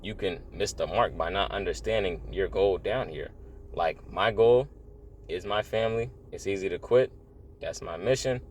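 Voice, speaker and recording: Deep-voiced man in an earnest rambling talk. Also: moderate pace, slight background noise. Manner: earnest, rambling, repeats phrases, says "bro" often. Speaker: religious vlogger. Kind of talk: casual spiritual monologue.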